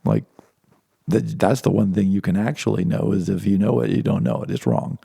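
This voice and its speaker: A man's voice: low voice, very animated, normal speed, creaky, warm tone, breathy edge, dry recording, studio quality. A man giving an informal philosophy lecture, talking conversationally with many restarts and asides.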